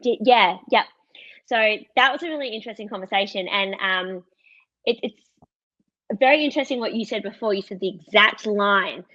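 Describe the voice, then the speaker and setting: A woman's voice: medium pitch, moderate pace, dry recording. Australian woman, thirties, candid storyteller, dry close sound, slightly dull audio. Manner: candid, laughs often, quotes others in lively voices. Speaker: podcast guest. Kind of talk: casual storytelling.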